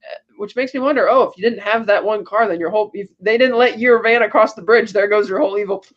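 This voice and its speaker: High-voiced man rambling through a recap. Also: quick pace, a bit bright, highs cut off. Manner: rambling retelling with loose paraphrased quotes. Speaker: podcast co-host. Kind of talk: casual movie recap.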